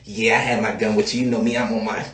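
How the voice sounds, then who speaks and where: A careless young male rapper, as a man puts him on, drawls low and loose without thinking. It sounds deep and mumbly in an echoey room. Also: little pitch movement, fast talker, fairly bright tone, far from the mic, slight background noise, natural voice. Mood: laid-back.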